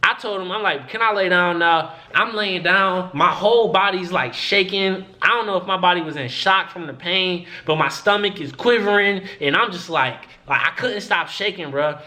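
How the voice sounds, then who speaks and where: A man's voice: high-pitched, normal speed, hardly any pauses. A young man telling a story to the camera in casual, profane storytelling, acting out what people said. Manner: animated, profane, acts out quoted voices. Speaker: vlogger.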